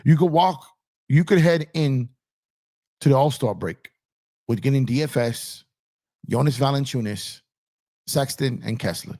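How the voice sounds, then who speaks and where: A man's voice: medium pitch, a little slow, long pauses, mellow. A man hosting a sports talk show, emphatic, repeating his lines and talking straight to his chat. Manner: emphatic, repeats phrases, addresses chat as y'all. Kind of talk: animated basketball talk show. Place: home studio with purple lights. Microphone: on camera streaming setup.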